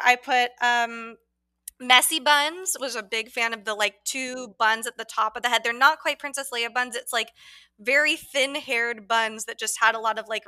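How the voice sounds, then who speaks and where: A woman co-hosting a podcast, chatting and gushing with quick asides. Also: a little high, pushed and bright. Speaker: podcast co-host. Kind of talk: casual chat.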